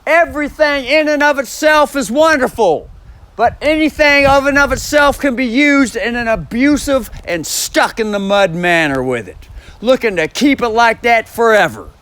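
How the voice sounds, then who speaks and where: Male, very high voice with a wide swing; slow, profane, emphatic solo monologue full of repeated phrases. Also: a bit bright. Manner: stresses single words, plays with inflection.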